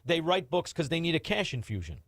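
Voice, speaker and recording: A brash man hosts a call-in radio show, ranting and mocking with a high voice that swings widely. His studio mic sounds close and dry. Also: sing-song, fairly quick, no echo. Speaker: radio talk show host.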